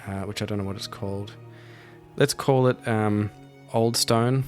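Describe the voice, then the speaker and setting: A man's voice: medium pitch, a little slow, soft background music. A man hosting a podcast, narrating a solo tabletop game and thinking aloud as he rolls dice. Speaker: podcast host and solo player.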